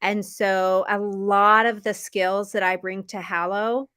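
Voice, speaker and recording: A woman from Memphis with a neutral American accent, teaching English in a relaxed live-stream chat on a video call, friendly and laughing often. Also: medium pitch, slow, smooth. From Memphis, Tennessee, US.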